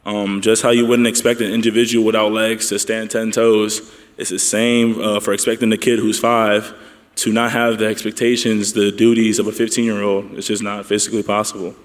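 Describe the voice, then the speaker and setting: Flat-voiced man in a reverberant hall. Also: lowish voice, fairly quick. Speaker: panelist. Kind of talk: church panel discussion.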